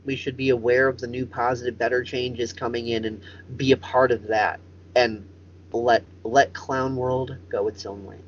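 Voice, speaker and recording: A man's voice: medium pitch, little pitch movement, moderate pace, highs cut off, slight background noise. Profane rambling male show host. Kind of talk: casual comedic chat.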